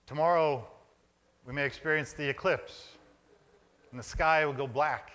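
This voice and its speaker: A male pastor delivers a reflective sermon in a church, building images through short phrases he repeats. His voice sits a little high and carries a bright, forceful edge. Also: steady tone, measured pace. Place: church sanctuary.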